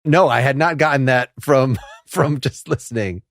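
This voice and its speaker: A man's voice: mid-range voice, moderate pace, a bit bright, no room sound. Dry, rambling male podcast host. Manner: inquisitive, rambling questions with frequent laughs. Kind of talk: casual interview chat.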